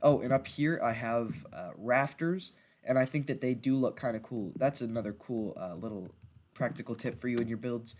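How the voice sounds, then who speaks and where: A man giving casual gameplay narration as a video creator, rambling and halting and often restarting his sentences. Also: mid-range voice, a little mellow.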